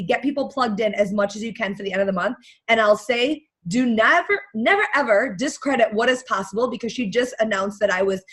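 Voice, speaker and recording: A woman coach giving a blunt, energetic motivational talk on a team call. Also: on the high side. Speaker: guest coach.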